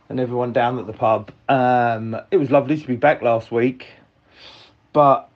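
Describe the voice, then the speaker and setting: A man's voice: mid-range voice, lo-fi sound. A man with a Cockney accent leaving a rambling, earnest voice message for a podcast. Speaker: caller leaving a voice note. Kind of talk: casual voice message.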